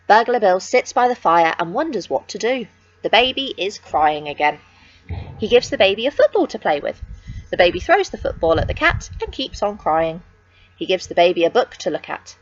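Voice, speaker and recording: A woman reading a children's picture book aloud with expressive, sing-song storytelling. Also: mid-range voice, highs cut off.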